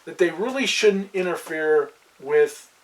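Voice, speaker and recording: A man's voice: on the high side, expressive, a little slow, distant mic, rough recording. A man who runs a tabletop fantasy world, chatting casually on a podcast and rambling with many fillers and restarts. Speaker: game master.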